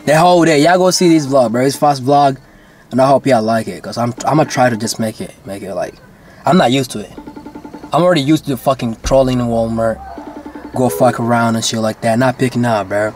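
A man's voice: mid-range voice, a little fast, a little mellow, soft background music. A man vlogging to his viewers in casual chat, rambling and slangy, swearing and saying bro constantly.

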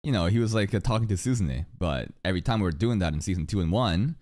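A man chatting casually and excitedly, swearing often while reacting to an anime episode. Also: low voice, fast talker.

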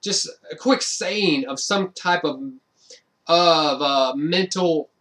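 A man's voice: fairly high pitch, slow, a bit bright. A man giving a casual, rambling film review, with lots of fillers and restarts and frequent amused laughs.

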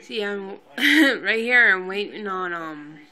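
A woman vlogging casually to her camera, rambling with many fillers and restarts in a fairly monotone voice. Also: mid-range voice, slow. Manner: monotone, by her own account; quiet, subdued and near a whisper. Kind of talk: casual home vlog talk.

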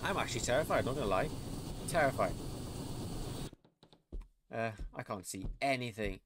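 Guy yelling through a horror game playthrough, mid-pitched voice, lots of background hiss. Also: lively intonation, moderate pace. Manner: jumpy, rambling, talks to himself. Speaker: gamer. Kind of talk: let's play commentary. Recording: noisy home recording.

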